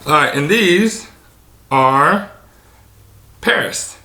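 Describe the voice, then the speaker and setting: A man's voice: a little high, animated, drawn-out words, pushed and bright, roomy sound, a little hiss or hum. A man casually showing off his sneaker collection, rambling and dropping lots of filler ums. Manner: casual, swears offhand. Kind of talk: casual show-and-tell.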